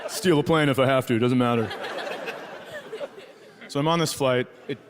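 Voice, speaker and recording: A medium-pitched man speaks at normal speed during a stand-up set on a theater stage before a live audience. He tells a story with profane, incredulous asides and quoted voices, captured on a live stage mic with crowd noise and audience laughter.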